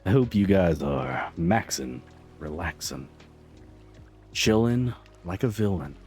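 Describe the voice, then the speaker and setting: A smooth late-night radio DJ, put on by a man. He speaks low and deep, in a slow, laid-back drawl. Gentle music plays faintly behind him. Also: expressive, exaggerated voice. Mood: mellow. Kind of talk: soft radio host voice.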